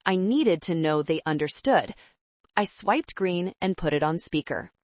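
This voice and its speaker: Calm, measured woman storyteller. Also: fairly low pitch, no room sound. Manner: calm, measured, cold resolve. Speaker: narrator. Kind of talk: scripted first-person story narration.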